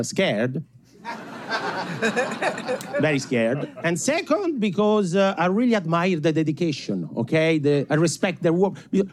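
A man from Italy with a strong Italian accent doing a self-mocking stand-up comedy set on a club stage, chuckling between punchlines. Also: high-pitched. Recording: faint crowd and room noise.

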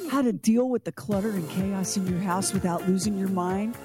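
A woman hosts a morning radio show with wry, teasing banter and throws to a break. A music bed plays clearly under her voice. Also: mid-range voice, normal speed. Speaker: radio host. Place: radio studio.

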